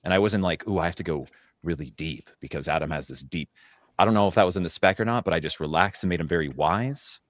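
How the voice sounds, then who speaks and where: A man's voice: low voice, fast talker, no room sound, studio quality. A man, a voice actor, chatting casually on a panel and rambling with many fillers and restarts.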